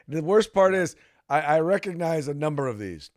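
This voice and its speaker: A man's voice: fairly high pitch, big pitch swings, measured pace, long pauses, a little mellow. A man hosting a casual political talk podcast and reading sponsor spots. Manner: conversational, reads ad copy. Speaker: podcast host.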